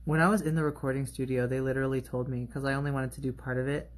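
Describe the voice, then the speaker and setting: A man's voice: medium pitch, flat delivery, rapid-fire. A young man, a drag performer, chatting playfully while doing his makeup at home on a phone livestream, laughing often. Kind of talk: casual livestream chat.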